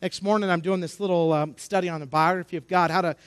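High-voiced impassioned male preacher. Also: fairly even intonation, quick pace, clear, resonant tone. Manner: rising to impassioned shouted emphasis, repetitive rhetorical questions. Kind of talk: sermon.

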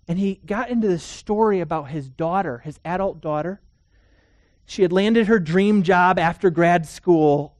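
A man preaching a sermon, telling stories earnestly, swinging between emphatic declarations and hushed, quiet passages. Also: fairly high pitch, dry recording. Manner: earnest storytelling with emphatic rises and hushed drops.

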